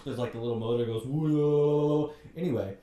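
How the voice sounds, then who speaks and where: A man's voice: mid-range voice, sing-song, moderate pace, a little mellow, roomy sound, far from the mic, a little hiss or hum. A man giving an exasperated, joking recap of a bad movie, putting on mocking voices as he goes. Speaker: movie reviewer. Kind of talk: comedic movie rant.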